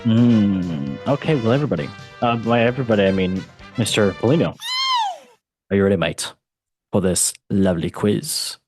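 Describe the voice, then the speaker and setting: A man's voice: lowish voice, animated, moderate pace, music in the background. A man hosting a football quiz, playful and teasing, calling his guest mate. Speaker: podcast host and quizmaster. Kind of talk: casual podcast chat.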